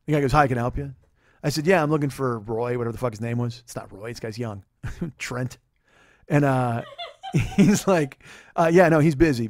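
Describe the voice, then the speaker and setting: A man's voice: medium pitch, vocal fry, no room sound, studio quality. A man in his forties, a podcast host, telling a rambling, profane, self-deprecating comedic story. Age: 40s.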